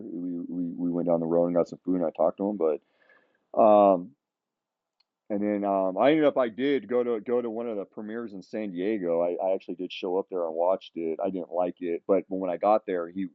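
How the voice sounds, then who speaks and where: Brief: middle-aged man, low voice, rambling storyteller, dry phone-like sound. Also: a little fast, dry recording. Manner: rambling, many restarts and "you know". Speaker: podcast guest. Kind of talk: casual storytelling chat. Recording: tinny phone-like line, dry.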